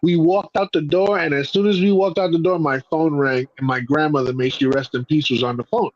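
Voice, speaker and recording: A man with a high-pitched voice tells profane, animated stories in a casual podcast chat. The sound is dry and close, with a slightly muffled, dull tone. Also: fairly quick, dry recording. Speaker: podcast host.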